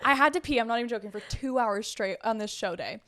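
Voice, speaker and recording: A woman's voice: on the high side, fast, a bit bright. A young woman co-hosting a podcast, telling a story in casual chat, full of "like" fillers. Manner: chatty storytelling with many fillers. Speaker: podcast co-host.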